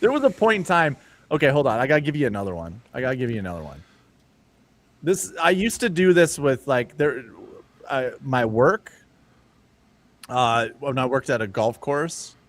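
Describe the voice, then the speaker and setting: A male podcast host who chats casually and rambles, cracking jokes and laughing often. His voice sits at an ordinary pitch and comes across very dry and close. There is no room sound around it. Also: sing-song, moderate pace, no echo. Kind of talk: casual chat.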